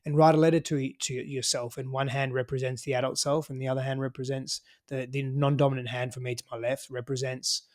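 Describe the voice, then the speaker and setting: A man's voice: medium pitch, flat delivery, quick pace, hardly any pauses. A man with an Australian accent, a podcast guest giving casual advice in an emphatic, sweary way, full of "you know" and "right?".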